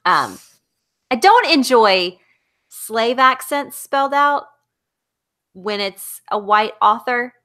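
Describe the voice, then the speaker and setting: A woman's voice: a little high, big pitch swings, slow pace, pauses often, sharp tone. A middle-aged woman with a Southern American accent, chatting casually as a podcast co-host about books, rambling with fillers and restarts. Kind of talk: casual book discussion chat.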